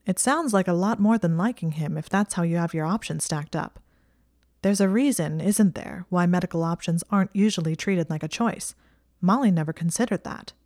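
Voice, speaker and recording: Brief: steady supportive young man wizard, woman narrator's own voice, storybook. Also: on the low side, normal speed, no room sound, studio quality, natural voice. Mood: earnest.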